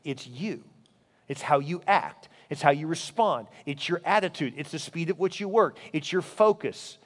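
A man preaching a sermon as pastor, telling stories in an animated way. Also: moderate pace, in a large hall. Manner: animated storytelling, voice rising high in anecdotes.

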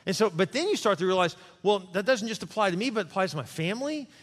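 A man preaching a sermon as pastor, animated and conversational, acting out little quoted voices. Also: sits high, fast talker. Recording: long reverb of a large hall.

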